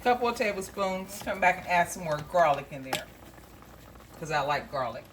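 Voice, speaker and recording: A woman's voice: lowish voice, expressive, normal speed, noisy background. A woman hosting a cooking show, talking viewers through a recipe in a homey, chatty way and calling them y'all. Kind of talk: casual cooking demonstration. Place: home kitchen.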